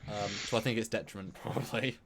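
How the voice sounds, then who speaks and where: A man's voice: on the low side, fast talker, vocal fry, fairly bright tone. A man co-hosting a live-stream chat who rambles and repeats words as he thinks aloud. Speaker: co-host.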